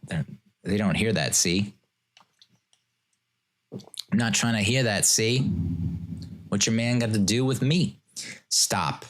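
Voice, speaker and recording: A man with a very low, gravelly voice talks through a casual solo podcast. He rambles, mocks himself, and now and then slips into sarcastic, mock-formal voices. He sounds like he is in his thirties. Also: fairly bright tone. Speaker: podcast host.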